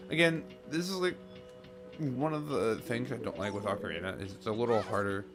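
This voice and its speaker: A man's voice: medium pitch, fairly quick. A man streaming a game, chatting casually and thinking aloud as he plays. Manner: rambling, thinking aloud with fillers. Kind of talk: casual commentary while playing a game. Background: game music.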